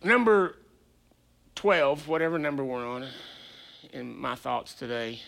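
A man's voice: medium pitch, expressive, measured pace, gravelly, a bit bright. A male pastor preaching a conversational sermon, chatty and playful, asking rhetorical questions.

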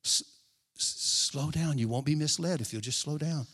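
Delivering a sermon, this pastor repeats key phrases with emphasis, stretches them out, and occasionally falls to a hushed aside. His voice is on the high side with a breathy edge, at normal speed.

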